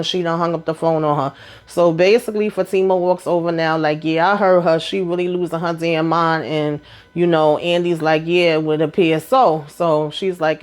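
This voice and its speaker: A woman casually recapping a TV episode, acting out characters' lines in quick, animated bursts and blunt, profane asides. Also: low voice. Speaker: TV show recap host.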